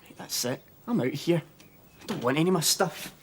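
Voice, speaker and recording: An actor playing a defensive young Scottish husband in a TV soap, curt and impatient. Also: male voice, a little high, animated, a little fast, background noise, close to an everyday voice. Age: young adult. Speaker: son. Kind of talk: TV soap drama.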